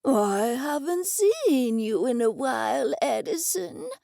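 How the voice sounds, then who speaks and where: A woman voicing a slightly deaf, doddering old man who talks slowly and quavers. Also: high-pitched, sing-song, creaky, warm tone, no echo, studio quality, exaggerated voice.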